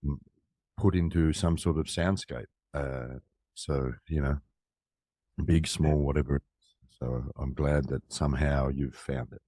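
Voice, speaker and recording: A man's voice: extremely low pitch, fairly even intonation, unhurried, mellow, no room sound, clean studio sound. A middle-aged Australian man in casual conversation, talking reflectively and loosely with many restarts. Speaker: musician guest and co-host.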